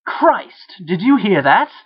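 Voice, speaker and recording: A man voicing a panicky, foul-mouthed young Scottish man who shouts and rants. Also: high voice, big pitch swings, takes it slowly, breathy edge, highs cut off, voice pushed up, heavily acted. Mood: frantic ranting. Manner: loud, ranting, frantic.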